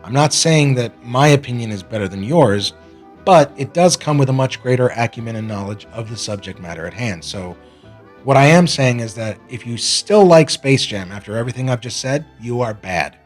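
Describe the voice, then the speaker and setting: A man's voice: medium pitch, animated, normal speed, soft background music. A man hosting his own cartoon review show, delivering an opinionated monologue with sarcastic rants and self-mocking asides. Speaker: cartoon critic and host.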